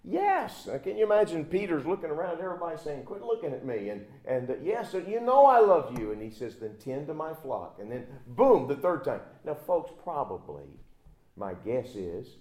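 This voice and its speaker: A male pastor preaching a sermon, telling the story dramatically and swinging from loud outbursts to hushed near-whispers. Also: mid-range voice, animated, a little fast, echoey room.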